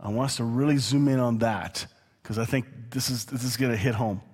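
A man preaching a sermon in a relaxed, conversational way, with quick asides and chuckles. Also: medium pitch, breathy edge. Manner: conversational, chuckling, slows down to read scripture. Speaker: pastor. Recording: long hall reverb.

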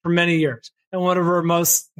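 A man's voice: sits high, level tone, moderate pace, a bit bright, no room sound. A man co-hosting a podcast, chatting casually with dry remarks and the odd search for a word. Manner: easygoing, dry remarks, some fumbling for words. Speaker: podcast co-host. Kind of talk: casual chat.

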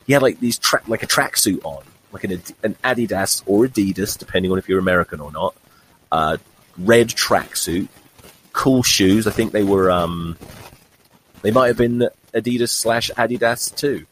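A man's voice: on the low side, normal speed, fairly bright tone, slight background noise, low-quality recording. A man in his forties hosting a podcast, telling a rambling, wry comic monologue and swearing freely. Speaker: podcast host. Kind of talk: comedic monologue.

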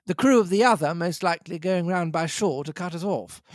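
A plain, earnest young lad aboard a rowing boat, voiced by a man reading aloud. The tone is steady and the sound close and dry. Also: sits high, brisk, dry recording, lightly acted.

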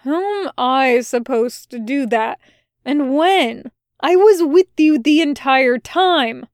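A woman voices a hungover male demon, drawling and bleary, his words slow and slurred. He sounds worn out and bewildered, recorded close with a dry sound for a fan audiobook. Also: sits high, animated, no echo. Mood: confused.

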